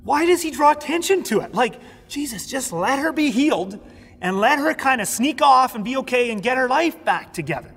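A man teaching a sermon, animated, acting out the people in the story. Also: very high-pitched, moderate pace, slightly rough, big-room sound. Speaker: pastor. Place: recorded for an online audience.

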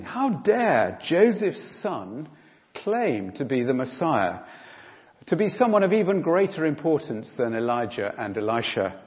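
A man preaching a sermon in church, emphatic and animated, with frequent fillers. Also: mid-range voice. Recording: dull sound in a reverberant hall.

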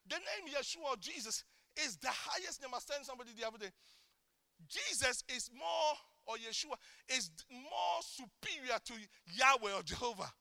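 A middle-aged male preacher gives an impassioned sermon in an extremely high-pitched, gravelly voice, recorded with no echo. He swings between shouted declarations and quiet, intimate asides.

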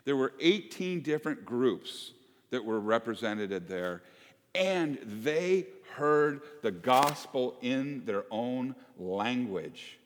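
A man preaching a sermon to his congregation, conversational and animated, joking with the people in the pews. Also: mid-range voice, takes it slowly. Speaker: pastor. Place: church sanctuary. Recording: long hall reverb.

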